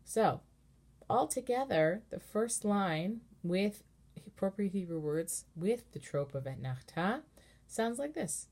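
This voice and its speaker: A woman cantor giving a relaxed, patient lesson on chanting, explaining step by step and singing short chanted examples. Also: mid-range voice, slow. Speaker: cantor teaching Torah chanting. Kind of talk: informal online lesson with sung examples.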